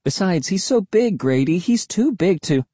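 A man's voice: high voice, very animated, normal speed, mellow, breathy edge, no room sound, voice pushed up, full character voice. A man voicing a cautious, practical mother who speaks in a firm, warning way.

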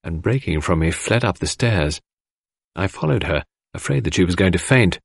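A man narrates a storybook in a measured, expressive reading. His voice is low, and his pitch rises and falls a lot. The recording is dry and close to the mic. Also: gravelly, slightly rough, dry recording. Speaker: audiobook narrator. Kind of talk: scripted narration.

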